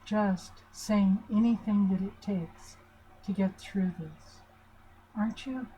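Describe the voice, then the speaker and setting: A woman's voice: medium pitch, slow pace, dark tone, a little hiss or hum, poor audio. An older woman giving an informal, chatty lesson at a board, asking her listeners questions to reassure them. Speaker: family relationship teacher. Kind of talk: informal talk at a whiteboard.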